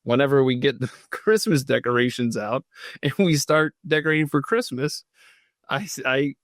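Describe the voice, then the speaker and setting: Male podcast host reading live comments, mid-pitched, rambling, self-deprecating, dry close sound. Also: normal speed, a bit bright, dry recording. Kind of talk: casual rambling livestream chat.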